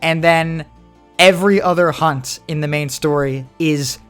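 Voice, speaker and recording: A young man co-hosting a podcast, chatting casually and animatedly, slipping into quick voiced impressions. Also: a little high, fairly even intonation, fairly bright tone, smooth, faint music behind. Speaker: podcast co-host. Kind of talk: casual chat.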